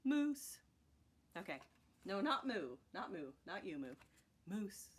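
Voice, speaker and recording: A woman leads a children's music lesson, chanting rhythm words in a bouncy sing-song. Her pitch leaps all over as she cheers her young class on. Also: very animated, moderate pace, fairly bright tone, breathy edge. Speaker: music teacher.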